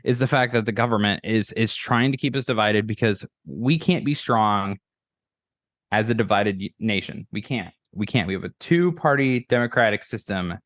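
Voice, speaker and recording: Low-voiced man, rambling podcast guest. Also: normal speed, fairly bright tone, dry recording, clean studio sound. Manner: rambling, profane, with frequent restarts and stammers. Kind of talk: casual political chat.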